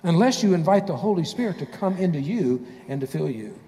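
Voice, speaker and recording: A man preaching a sermon as a pastor, telling stories in an animated way. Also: on the high side, fairly quick, big-room sound. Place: church sanctuary.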